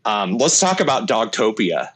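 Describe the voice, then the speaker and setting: A man hosting a podcast interview, relaxed and chummy, with lots of "like" and "man". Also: fairly low pitch, normal speed, husky. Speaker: podcast host.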